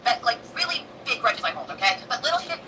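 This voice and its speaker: A woman's voice: on the high side, sing-song, fast talker, a crowd in the background. A woman ranting heatedly and profanely on a livestream, in a clip played back from a distance with background noise. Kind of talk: angry livestream rant.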